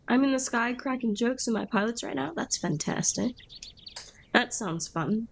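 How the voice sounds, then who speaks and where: A woman streaming a video game, chatting casually and excitably and echoing the game text aloud. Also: on the high side, moderate pace, vocal fry. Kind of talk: casual gaming chat. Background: game music.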